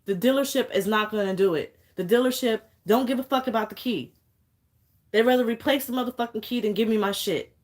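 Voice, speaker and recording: A woman's voice: a little high, brisk. Angry young woman ranting, near tears. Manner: angry, profane, on the verge of tears. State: fighting back tears. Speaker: vlogger. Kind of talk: emotional vlog rant.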